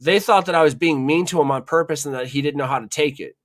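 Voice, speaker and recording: This man's voice sits a little high and moves at a quick pace as he, the podcast's host, rambles through a kitchen anecdote. The chat is casual storytelling, full of profanity and filler words.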